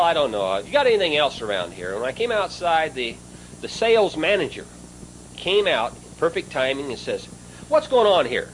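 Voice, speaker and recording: Animated man telling a sermon story. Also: fairly high pitch, a little hiss or hum, rough recording. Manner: animated storyteller, addresses a listener mid-story.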